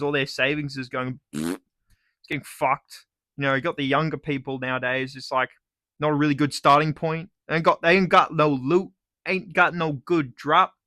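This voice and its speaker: A young man with an Australian accent rants on his own vlog, sarcastic and full of swearing. His voice is bright and forceful and sits a little high. The sound is dry and close. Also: dry recording. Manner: profane, sarcastic, animated ranting. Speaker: YouTuber. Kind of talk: casual ranting vlog.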